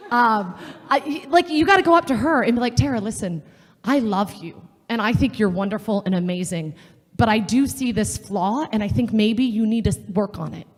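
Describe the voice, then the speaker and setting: A woman giving an earnest, conversational faith talk to a live audience at a women's session, telling stories and acting out the quotes in them. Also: medium pitch. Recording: long hall reverb.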